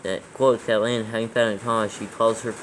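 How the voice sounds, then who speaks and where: Low, flat-voiced man dictating punctuation. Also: fast talker, a little hiss or hum, poor audio. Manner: reads steadily, calling out each comma and quote mark. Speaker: scripture proofreader. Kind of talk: dictating scripture text with spoken punctuation.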